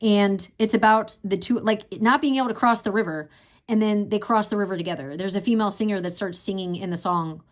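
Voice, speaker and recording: In a medium-pitched, slightly fast voice, a tarot reader gives a casual reading. She thinks aloud in a meandering, emotional way, dropping to a whisper when she reads to herself.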